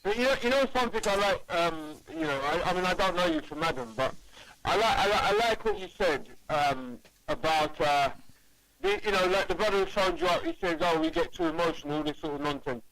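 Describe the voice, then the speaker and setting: High-voiced emphatic caller. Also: male voice, big pitch swings, brisk, a bit bright, low-quality recording. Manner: emphatic, repeats words, stumbles. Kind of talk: casual phone-in chat.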